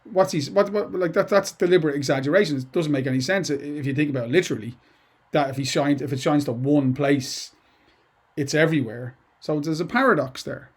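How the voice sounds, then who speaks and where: A middle-aged English teacher with a slightly high voice speaks a little fast while teaching poetry. The lesson is informal and rambling, packed with asides and restarts.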